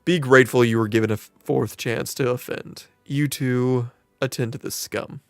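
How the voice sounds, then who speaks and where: A man voicing a cold, severe male city guard, reading game dialogue in a slow, clipped way. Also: mid-range voice, fairly even intonation, no room sound, lightly acted. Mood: stern.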